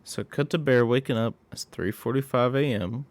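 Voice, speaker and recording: A man giving a casual recap of a horror movie, excitable and profane. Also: medium pitch, normal speed.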